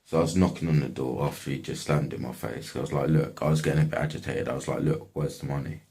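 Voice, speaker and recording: A man's voice: very deep voice, fairly even intonation, racing, vocal fry, darkish tone. A young man casually telling a story from his life, slangy and swearing often. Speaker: vlogger.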